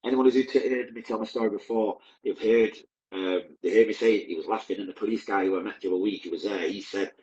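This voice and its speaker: A man's voice: on the low side, steady tone, fast talker, a little mellow, reverberant, dull audio. A man, a podcast guest, recounting his past in a candid, vivid, blunt present-tense way. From Manchester, England. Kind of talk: personal storytelling.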